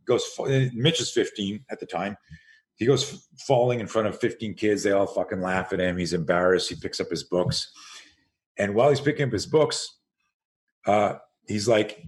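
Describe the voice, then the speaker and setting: A man in his sixties with a somewhat low voice tells stories as a podcast guest. He talks about self-defense with energy, acts out the people he quotes, and repeats words as he restarts his thoughts. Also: normal speed. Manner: animated storyteller who acts out quoted voices. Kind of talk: storytelling interview.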